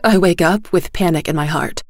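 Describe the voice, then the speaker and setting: A woman narrating a first-person story in a measured, gentle reading style. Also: fairly low pitch, no room sound, faint music behind.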